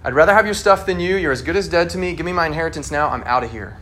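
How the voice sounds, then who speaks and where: A man's voice: fairly high pitch, very fast, fairly bright tone, natural voice. A man voicing a brash young son who talks in a flippant, slangy way, during a sermon.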